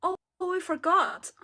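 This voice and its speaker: A woman with a Chinese accent practicing English in casual conversation, halting and searching for words, laughing often. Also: very high voice, steady tone, pushed and bright. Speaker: English learner.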